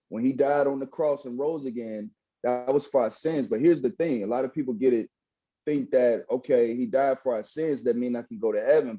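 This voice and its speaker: A former pastor in his thirties, now a hip hop artist, shares his faith story as a guest in a podcast interview. His casual, preachy testimony comes in a mid-range, dark, slightly rough voice over dull audio, and he often says "bro".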